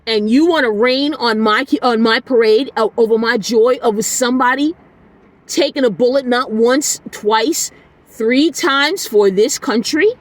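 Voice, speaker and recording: A woman's voice: fairly high pitch, measured pace, dry recording. Blunt ranting woman podcaster. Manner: ranting, exasperated, blunt with swearing; soft, tired sign-off. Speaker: podcast host. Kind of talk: solo podcast monologue.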